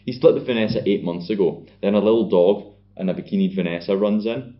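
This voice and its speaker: Deep-voiced man, sardonic recap. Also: quick pace. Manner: sardonic, sweary plot recapping. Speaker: podcast co-host. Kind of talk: casual film recap chat. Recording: dull lo-fi podcast audio.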